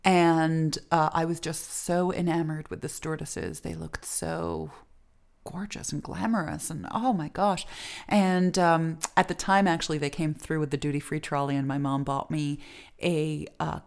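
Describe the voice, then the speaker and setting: A woman's voice: low voice, steady tone, a little slow, a little mellow. A middle-aged woman telling stories as an interview guest, chatty, with many fillers and laughs. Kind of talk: casual interview storytelling.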